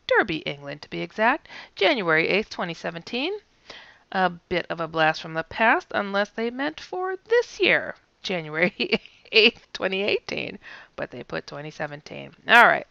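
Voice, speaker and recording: Female host, reads reports with wry asides; bright, gravelly edges, dull lo-fi sound. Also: mid-range voice, no echo. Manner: wry, chatty asides between readings, laughs often. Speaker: news show host. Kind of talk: reading sighting reports with asides.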